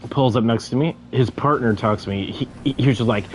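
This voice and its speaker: A man's voice: mid-range voice, a little fast, slight background noise. A young man casually telling a story while gaming, stuttering and repeating sounds, laughing as he goes.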